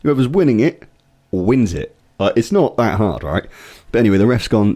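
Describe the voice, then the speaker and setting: A young man chats on a casual podcast, acting out the people in his anecdotes as he goes. His voice is mellow and darkish but swings widely in pitch, and he swears freely. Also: moderate pace. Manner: animated storytelling, swears often, acts out voices in anecdotes. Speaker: podcast co-host. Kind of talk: casual chat.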